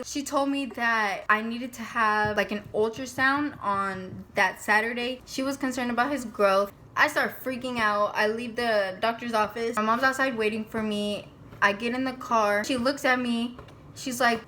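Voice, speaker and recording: A woman's voice: fairly high pitch, moderate pace, a bit bright. A young woman hosting a couple's vlog, chatting casually and acting out what people said as she tells her story. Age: young adult. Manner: chatty, retells scenes with quoted voices. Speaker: vlog host.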